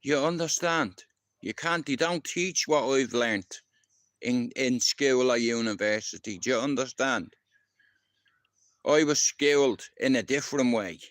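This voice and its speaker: Middle-aged Irish man, livestream storyteller, rough street talk, clear smooth voice, dry mic. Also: medium pitch, measured pace, fairly bright tone, dry recording. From Ireland. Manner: rambling, swears freely, keeps asking if you understand. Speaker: livestream host. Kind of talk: casual storytelling.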